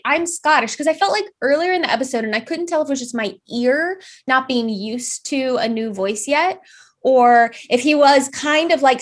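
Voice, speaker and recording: A woman co-hosting a casual reaction chat, thinking aloud in long, rambling sentences that trail off. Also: fairly high pitch. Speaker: co-host.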